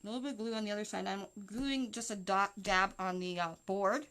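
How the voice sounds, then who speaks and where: A woman's voice: medium pitch, steady tone, a little fast, a bit bright. A Canadian woman chatting casually with live viewers as she walks through a wreath craft step by step. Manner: chatty, talks to viewers while working. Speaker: wreath-making livestream host.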